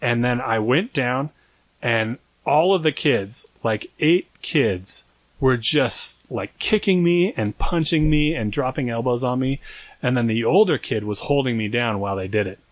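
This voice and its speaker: A young man co-hosting a podcast, telling a story in a rambling, self-mocking way and jumping into a high voice for quoted lines. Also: a little slow, no echo. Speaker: podcast co-host. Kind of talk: casual storytelling chat.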